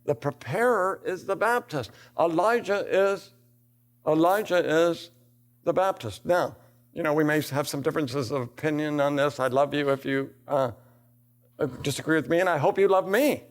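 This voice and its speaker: A man's voice: on the high side, moderate pace. An older man giving a theology lecture in a classroom, reading scripture aloud and asking rhetorical questions, building to emphatic bursts.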